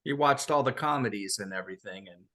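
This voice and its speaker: A man's voice: fairly low pitch, fast talker, sharp tone. A man hosting a casual interview, giving short supportive remarks and brief explanations. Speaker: interview host.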